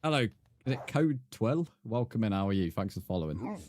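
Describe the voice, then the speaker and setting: A man's voice: fairly low pitch, sing-song, fairly quick, darkish tone, a little hiss or hum. A British man chatting casually on a live game stream, easygoing, with lots of fillers as he reads out the chat. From United Kingdom.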